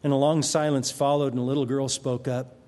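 A man preaching a sermon as pastor, emphatic, with dramatic pauses, recorded in a church sanctuary. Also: mid-range voice, little pitch movement, a little mellow, slight background noise. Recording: long reverb of a large hall.

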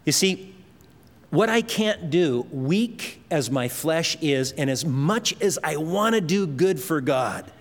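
Brief: male pastor, high voice, emphatic sermon delivery, long hall echo. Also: expressive, slow. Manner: emphatic preaching with swings in pitch and pace, repeats words.

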